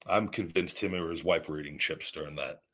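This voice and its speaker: A man's voice: extremely low pitch, brisk, sharp tone. A man hosting a call-in podcast, giving blunt, rambling fitness advice in a casual, teasing way. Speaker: podcast host.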